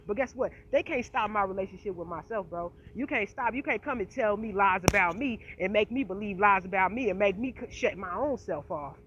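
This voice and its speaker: A woman's voice: mid-range voice, brisk, hardly any pauses, a bit bright. A woman vlogging to her viewers in a passionate, profane, emphatic rant, with a slight speech impediment. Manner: passionate, profane, emphatic, repeats "you feel me". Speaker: channel host. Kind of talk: casual direct-to-camera rant. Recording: slightly dull lo-fi audio with faint noise.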